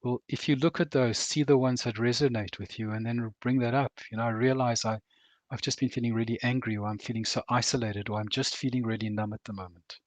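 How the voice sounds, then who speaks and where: An older man from Rhodesia, a veteran author and counsellor, speaking in an earnest, measured way and slowing down on heavy words. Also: medium pitch, fairly even intonation, no room sound. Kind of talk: reflective interview talk.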